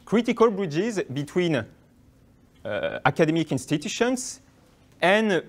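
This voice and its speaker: A man's voice: sits high, sing-song, slow. A young man from France with a French accent, giving a hesitant academic talk with many fillers and restarts. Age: young adult. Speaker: guest lecturer.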